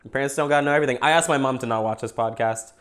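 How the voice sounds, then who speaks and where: A man's voice: mid-range voice, racing, fairly bright tone. Young Canadian man, loose joking host, talks through his food. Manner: rambling, joking, eating while talking. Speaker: podcast host. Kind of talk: casual livestream chat.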